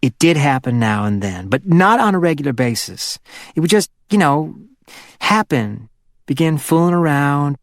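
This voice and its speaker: A man's voice: very animated, moderate pace, dry recording, clean studio sound. A man voicing a playful, flirty wealthy woman in her fifties with a Hollywood Southern accent, chatty and teasing. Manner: teasing and chatty, sliding up into a higher voice.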